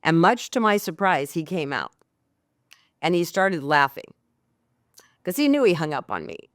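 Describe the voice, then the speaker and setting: A middle-aged woman, a mortgage coach, telling a candid, lively story as a podcast guest. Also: on the low side, measured pace, no echo, clean studio sound.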